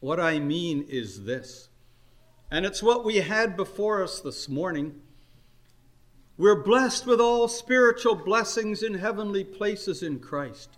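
An older man preaching a sermon, earnest and unhurried, his voice climbing on emphatic questions. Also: sits high, animated. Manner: earnest, slow exhortation with rising emphatic questions.

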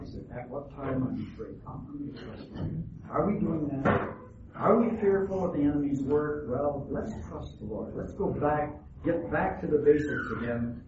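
A man preaching a sermon, earnest and halting, often restarting his words. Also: medium pitch. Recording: echoey, distant, phone-like, noisy.

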